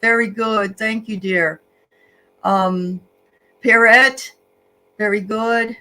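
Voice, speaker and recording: A woman's voice: on the high side, takes it slowly, pushed and bright, rough recording. A woman co-hosting a casual livestream, greeting viewers by name in a chatty way with frequent fillers. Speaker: livestream co-host.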